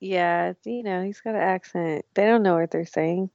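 A woman's voice: on the low side, normal speed, vocal fry, a little mellow, dry recording, lo-fi sound. A woman co-hosting a podcast, casual and laid-back, with short replies and some swearing. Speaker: podcast co-host. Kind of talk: casual chat.

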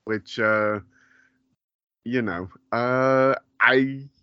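A man's voice: medium pitch, steady tone, extremely slow, clear, resonant tone, dry recording, highs cut off. A man hosting a podcast, chatting casually, rambling with lots of fillers and frequent laughs. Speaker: podcast host. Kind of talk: casual chat.

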